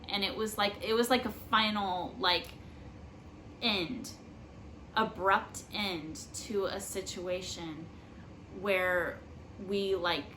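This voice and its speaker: A woman's voice: mid-range voice, a bit bright, slight background noise, rough recording. A young woman giving casual spiritual life advice in an earnest, rambling way, full of fillers. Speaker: spiritual vlogger. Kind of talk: casual personal advice talk.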